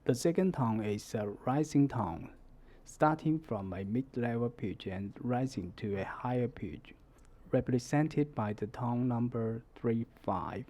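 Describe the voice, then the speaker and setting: Man, Mandarin teacher, scripted lesson, slow deliberate delivery, warm low timbre. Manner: measured, deliberate explaining.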